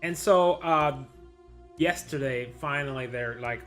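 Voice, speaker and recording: A man's voice: fairly high pitch, animated, unhurried, a bit bright, faint music behind. A man venting in a casual vlog, rambling and frustrated, with lots of restarts and quoted back-and-forth. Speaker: vlogger.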